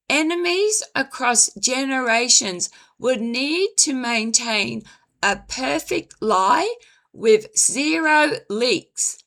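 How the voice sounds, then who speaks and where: A woman reads her commentary script in a very slow, deliberate way. Her voice sits high and bright, with a gravelly edge. It sounds dry, and she stumbles over a word now and then. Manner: measured, deliberate, apologizes for stumbling. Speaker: commentary video host.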